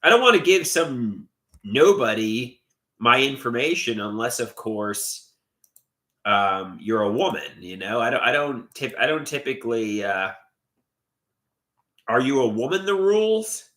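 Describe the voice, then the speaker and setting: Young Long Island man livestreaming, hesitant and rambling, mid pitch, animated delivery. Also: measured pace. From Long Island, New York. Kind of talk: casual live stream chat, reading comments.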